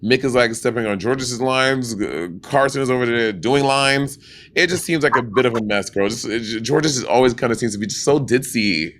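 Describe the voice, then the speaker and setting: A man's voice: medium pitch, moderate pace, a bit bright, a little hiss or hum. A man from Saint Lucia co-hosting a podcast, chatting casually with lots of fillers. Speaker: podcast co-host. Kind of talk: casual chat.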